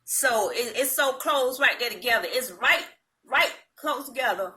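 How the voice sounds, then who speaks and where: A woman's voice: fairly high pitch, expressive, normal speed, pushed and bright. A middle-aged woman with a Southern US accent, chatting casually as a vlog host, rambling and folksy with frequent ums and laughs. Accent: Southern US (North Florida, Georgia-like). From Madison, Florida, US South. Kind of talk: casual chat to camera.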